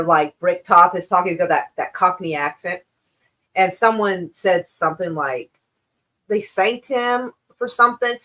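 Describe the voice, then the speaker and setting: A woman's voice: medium pitch, sharp tone. A woman hosting a live stream and chatting casually with her viewers. She rambles, gushes over the chat and swears freely. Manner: effusive, profane, rambling.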